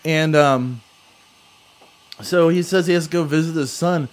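A man's voice: a little high, unhurried. A young man telling a long story in casual chat, rambling with many fillers.

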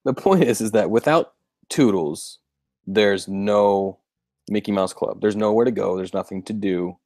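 A man's voice: lowish voice, unhurried, darkish tone, dry recording. A man co-hosting a podcast, riffing in casual comedic chat and breaking into voices. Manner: rambling, riffing, mimics voices. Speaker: podcast co-host.

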